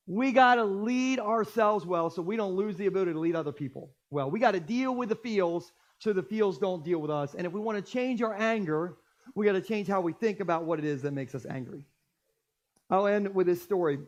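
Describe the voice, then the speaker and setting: Man, pastor, sermon, jokey storyteller, high voice, church. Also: brisk, dull audio. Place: church stage.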